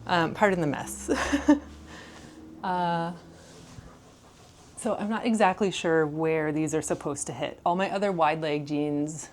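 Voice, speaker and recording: A woman's voice: sits low, a little slow, pauses often, a little hiss or hum. A young woman chatting casually in a home vlog, rambling and laughing often. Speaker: vlogger. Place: home room.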